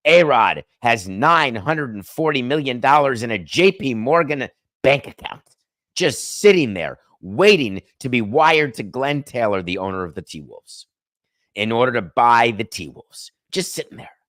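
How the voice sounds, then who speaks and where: A man hosts a solo sports talk show from a clean, echo-free studio, his voice fairly bright and his intonation lively. He takes his time, chatty and wry, wandering from topic to topic and suddenly raising his pitch to stress a point.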